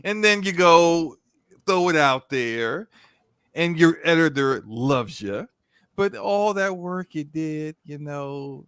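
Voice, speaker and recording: A man's voice: fairly high pitch, slow pace, fairly bright tone, smooth, dry recording. Rambling male podcast guest, dry sound. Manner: rambling, stammering restarts, acting out skits. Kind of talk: casual podcast chat.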